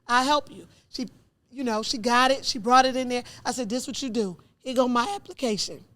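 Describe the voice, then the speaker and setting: A middle-aged woman telling her own story in an interview, acting out dialogue with lively jumps in voice. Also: brisk. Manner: animated, acts out dialogue with rising pitch.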